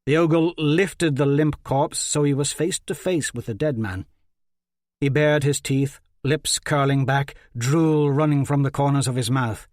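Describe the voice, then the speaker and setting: A man reading a dark fantasy audiobook in a measured, dramatic narration. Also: fairly high pitch, dry recording, studio quality. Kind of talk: scripted narration.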